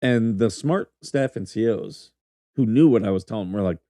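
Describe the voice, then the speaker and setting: A middle-aged man, a former military officer turned podcast host, tells rambling, profane stories and laughs his way through them in a casual chat. His voice sits on the low side and sounds mellow, moving at a moderate pace. The studio-quality recording has no echo.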